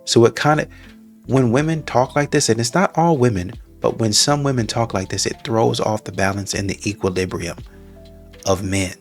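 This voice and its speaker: A man's voice: medium pitch, normal speed, faint music behind. A man hosting a reaction video, giving blunt, wry commentary on clips. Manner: blunt, wry, acts out both sides.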